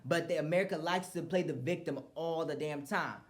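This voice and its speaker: Podcast host, heated rant, profane, rambling, restarts, low mutters, loud outbursts. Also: a little fast. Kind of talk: casual opinion rant.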